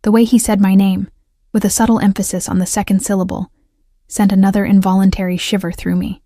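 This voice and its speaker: A woman reads a first-person romance audiobook in a measured, steady voice. Her tone is warm and mellow, with dry, close sound. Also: mid-range voice, dry recording. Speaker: audiobook narrator.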